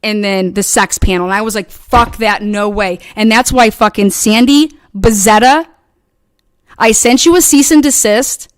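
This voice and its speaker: A woman's voice: on the high side, dry recording. Furious foul-mouthed woman ranting. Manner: profane, combative, heated. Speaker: channel host. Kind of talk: angry livestream rant.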